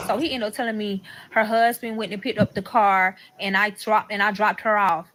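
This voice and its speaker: A woman telling a personal story in an animated, profane way, acting out what everyone said. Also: mid-range voice, moderate pace, hardly any pauses, background noise. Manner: animated, profane, dramatic quoting. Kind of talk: casual story time.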